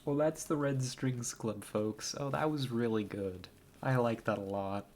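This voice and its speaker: A man's voice: mid-range voice, slow pace, a little mellow, a little hiss or hum. A man giving casual, emotional let's-play commentary into a headset, chatting and laughing often as he reacts to the game. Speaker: game streamer.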